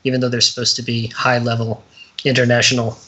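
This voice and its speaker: A man co-hosting a casual film podcast, telling jokey, animated stories about a movie. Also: medium pitch, fast, rough recording. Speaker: podcast co-host. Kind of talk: casual film review chat.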